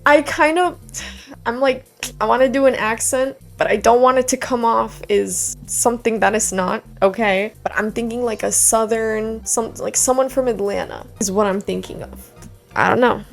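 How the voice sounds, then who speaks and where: A woman's voice: on the high side, normal speed, gravelly, soft background music. A young woman vlogging casually, reading a book aloud on camera with slangy, swearing asides and laughs. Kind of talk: casual vlog chat and dramatic reading.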